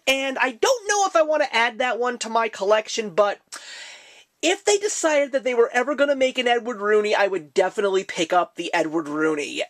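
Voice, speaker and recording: A woman's voice: fairly high pitch, dry recording. A woman in her thirties hosts a casual review vlog about her collection. She talks in a chatty, enthusiastic way, eager to share her favorites. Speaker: collector channel host.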